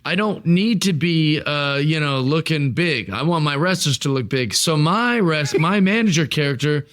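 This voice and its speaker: Male co-host, higher-pitched, brash comic bragging. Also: expressive, normal speed, fairly bright tone. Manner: playful, boastful heel bravado. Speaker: podcast co-host. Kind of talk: comedic casual chat.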